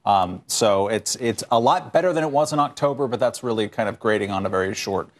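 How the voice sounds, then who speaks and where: A man co-hosting a TV panel show, measured and hedging his words. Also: lowish voice, expressive. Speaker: co-host. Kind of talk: TV panel debate.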